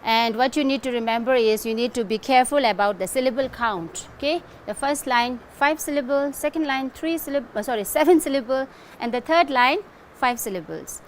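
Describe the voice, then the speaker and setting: In a recorded online lesson, a middle-aged woman with a high-pitched voice teaches English briskly, walking through each step and often checking in with "okay?" and "right?" A faint hiss or hum sits under the audio.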